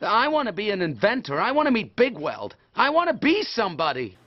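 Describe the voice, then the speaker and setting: A hopeful young robot in a cartoon film, put-on American accent, pitch swinging widely, dull muffled sound. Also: male voice, huge pitch swings, brisk. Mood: earnest. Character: young male robot, eager dreamer.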